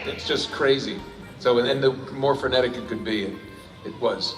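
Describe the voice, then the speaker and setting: A man's voice: mid-range voice, moderate pace, soft background music. Rambling man in an echoey convention hall. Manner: rambling, self-interrupting, jokey. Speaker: panel guest voice actor. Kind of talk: convention panel Q&A answers. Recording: echoey hall recorded from far off.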